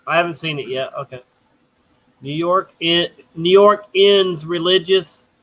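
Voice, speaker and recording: Host guy on headphones, mumbly and distracted, slightly high voice. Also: measured pace, phone-quality sound. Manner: distracted, mumbling while clicking around. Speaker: talk show host. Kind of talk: casual chat on a call. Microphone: headphones on a call.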